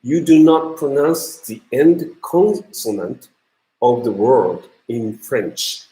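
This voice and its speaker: Slow, halting lecturer in an echoey room. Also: male voice, medium pitch, expressive, mellow. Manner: halting, many ums and uhs. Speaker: university lecturer. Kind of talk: classroom lecture on pronunciation.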